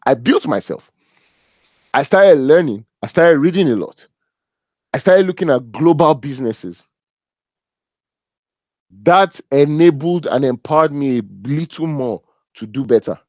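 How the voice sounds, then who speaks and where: Animated Nigerian man, joking business talk. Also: on the high side, unhurried, pauses often, dry recording, dull audio. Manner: animated and joking, laughs at his own stories. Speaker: business speaker. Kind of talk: humorous business talk to an audience.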